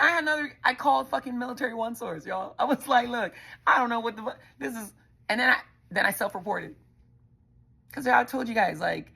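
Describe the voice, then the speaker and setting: A woman's voice: fairly high pitch, creaky, fairly bright tone, breathy edge. A middle-aged woman hosting a show, telling a personal story in a blunt, profane, conversational way and speaking straight to her listeners. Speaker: podcast host.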